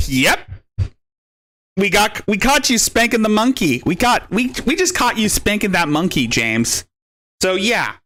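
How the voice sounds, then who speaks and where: Profane, taunting man with a swinging pitch. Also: sing-song, unhurried, fairly bright tone, faint music behind. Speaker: stream host. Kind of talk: mocking live stream rant.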